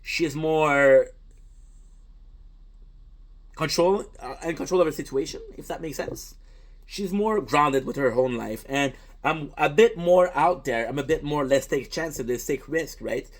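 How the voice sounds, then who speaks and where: A man's voice: a little high, unhurried. A man whose first language is French, a content creator talking in a casual, reflective monologue. He is earnest and rambling, often restarts, and swears.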